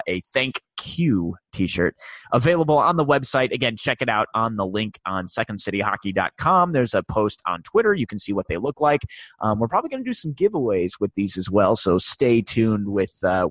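A man's voice: fairly low pitch, fairly bright tone, no room sound. A man in his forties hosting a casual sports podcast, rambling with many fillers and restarts. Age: 40s. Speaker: podcast host.

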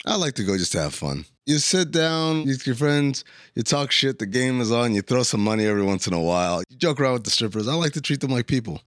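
A man co-hosting a podcast, telling stories in casual banter with animated asides. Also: mid-range voice, quick pace, no room sound, studio quality.

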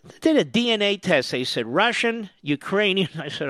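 A man's voice: high-pitched, sing-song, moderate pace, fairly bright tone, no echo, clean studio sound. An older man from the US East Coast hosting talk radio, sarcastic and combative in a mocking monologue. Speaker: radio talk show host.

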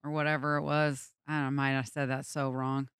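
Lively woman co-hosting a comedy show. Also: extremely low pitch, a little fast, smooth, no echo, clean studio sound. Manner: animated, gossipy, laughs often. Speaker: radio show co-host. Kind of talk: casual comedic banter.

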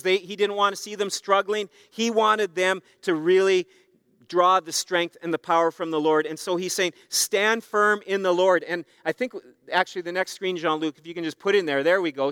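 Earnest high-voiced preaching man. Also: a bit bright, clear, resonant tone, dry recording, clean studio sound. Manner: conversational, earnest preaching with emphatic repetition. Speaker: pastor. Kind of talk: sermon. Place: church.

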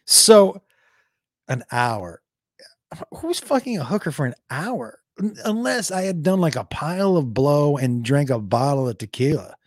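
Man, comedian, storytelling, lively swinging pitch, dry close sound. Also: measured pace, no echo. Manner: animated, jumps into shouted impressions.

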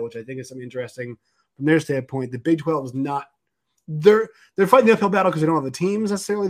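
A man hosting a sports podcast, talking casually and rambling with lots of fillers. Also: a little high. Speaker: podcast host.

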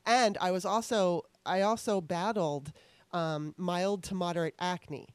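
A woman's voice: fairly low pitch, steady tone, unhurried, smooth, no echo. A middle-aged woman interviewer telling candid stories in a rambling, restarting way. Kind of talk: casual interview storytelling.

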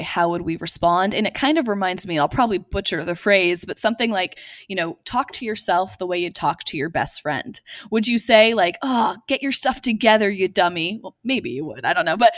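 Woman podcast co-host; earnest, easy laugh, medium pitch, dry close recording. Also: no echo. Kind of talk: casual podcast chat.

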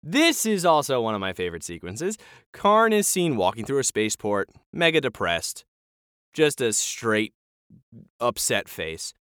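A podcast co-host with a smooth, mid-range male voice, speaking a little slowly, recaps a TV episode in casual conversation and acts out the lines as he goes. His retelling is lively, full of performed quotes, and the recording is dry and studio quality.

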